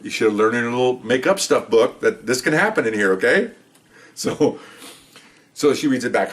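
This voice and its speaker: An older man in his sixties tells a courtroom story in a relaxed, conversational way. He jokes and chuckles throughout, with the easy manner of a retired cop. His voice sits at a medium pitch for a man. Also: moderate pace. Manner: jokey, animated, chuckling storyteller. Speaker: retired police officer storyteller. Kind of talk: casual anecdote telling.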